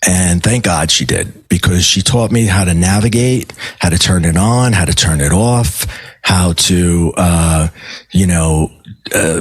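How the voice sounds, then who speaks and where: A middle-aged man, a guest on a podcast, telling a personal story in a casual, animated way and acting out the dialogue. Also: deep voice, husky. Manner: animated storyteller who acts out quoted dialogue and swears casually. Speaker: podcast guest, medium and life coach.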